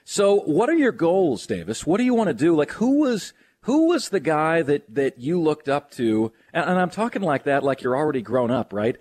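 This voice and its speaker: A man's voice: sing-song, normal speed, hardly any pauses, darkish tone. A man hosting a sports radio show, enthusiastic and joking as he interviews a guest. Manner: enthusiastic, joking, swings pitch widely.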